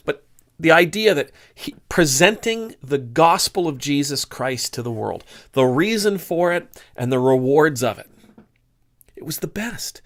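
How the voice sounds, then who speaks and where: A man's voice: a little high, a bit bright. A middle-aged man giving a conversational, sermon-like talk, musing aloud with restarts and sudden bursts of emphasis. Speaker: speaker giving a faith talk. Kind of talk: informal sermon-style talk.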